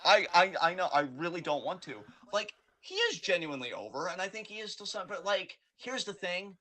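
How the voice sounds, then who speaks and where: A man's voice: high voice, sing-song, fairly quick, bright, forceful tone. A man co-hosting a podcast, ranting in casual, profane, rambling chat. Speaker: podcast co-host.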